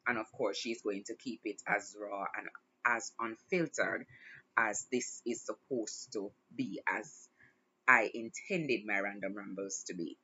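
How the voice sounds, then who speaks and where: A woman's voice: a bass voice, unhurried, sharp tone, slightly rough, dull audio. A woman hosting her own show, talking in a casual, reflective monologue and smiling through emotion. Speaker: podcast host.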